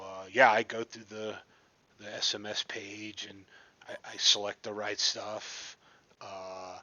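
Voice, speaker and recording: Casual male storyteller, self-deprecating and profane, tense bright tone, muffled recording. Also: fairly low pitch, no echo. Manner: self-deprecating, rambling, swears freely. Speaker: flight sim gamer recounting a session. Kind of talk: casual storytelling over gameplay.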